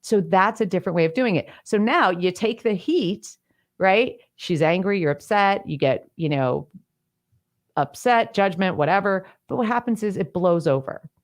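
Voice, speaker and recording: A woman's voice: animated, normal speed. A middle-aged woman coaching on clutter in a solo teaching talk, explaining step by step with everyday examples and acting out quoted lines. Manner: acts out quoted lines with bigger pitch swings. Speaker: decluttering coach.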